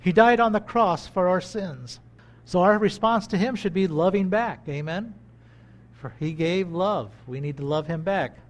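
A man delivers a sermon in a high, light voice. He talks to the congregation as if chatting with them, rising into loud, excited bursts and then dropping into quiet asides. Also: unhurried. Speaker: pastor. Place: country church.

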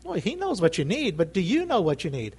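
A man's voice: high voice, huge pitch swings, brisk, a little mellow, husky. A man preaching a sermon, emphatic and repetitive, calling out for amens from the congregation. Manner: emphatic, repeats phrases, calls for amens.

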